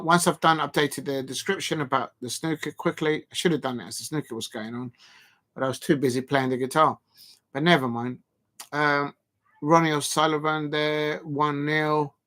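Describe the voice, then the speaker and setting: A man's voice: a little high, bright, forceful tone. A man hosting a casual live stream, rambling and joking, with the odd mock moan. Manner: rambling, jokey, prone to mock moaning.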